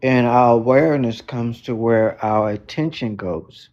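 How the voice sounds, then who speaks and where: A man on an online group call, sharing reflections in a deliberate manner, with pauses between thoughts. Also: mid-range voice, a little mellow, highs cut off. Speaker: book club participant.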